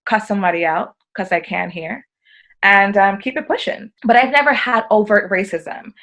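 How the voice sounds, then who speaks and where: An American woman appears as a podcast guest, telling stories casually at normal speed in a medium-pitched voice. She's animated, acting out the quoted dialogue in her anecdotes.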